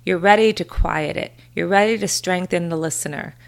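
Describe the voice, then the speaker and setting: A woman's voice: lowish voice, normal speed, gravelly. A woman hosting a podcast, giving an earnest, encouraging motivational talk that repeats phrases for emphasis. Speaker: podcast host, confidence coach.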